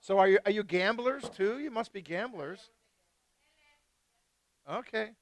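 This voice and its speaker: A man hosting a live wine tasting, chatting casually and excitedly with guests and swearing freely. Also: high voice, unhurried. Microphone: live stream mic.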